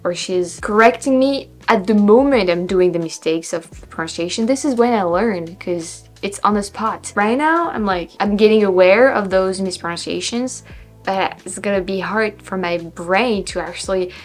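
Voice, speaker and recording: Young french woman vlogging in english, french accent, lively, keeps repeating words like questions, faint music under her. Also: mid-range voice, normal speed. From France. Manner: animated, repeats words with questioning tone, laughs often. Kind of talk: casual pronunciation practice.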